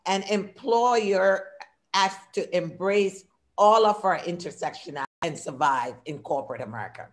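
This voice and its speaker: A woman's voice: on the low side, normal speed. A woman in her sixties with an accent, talking through a workshop presentation on a video call in short, listed phrases. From immigrant. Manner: warm, talkative, speaks in short lists; audible non-native English accent. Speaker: diversity consultant and workshop speaker.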